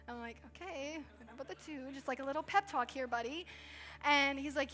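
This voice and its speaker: A woman's voice: sits high, fairly quick, bright, forceful tone, faint music behind. A woman in her thirties giving a conversational sermon in church, telling stories in a chatty way with lots of "like". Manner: chatty storytelling with frequent "like". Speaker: pastor's wife preaching. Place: church stage.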